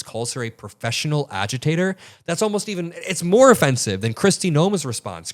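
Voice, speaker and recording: Indignant young man commenting on politics. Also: mid-range voice. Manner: indignant, emphatic.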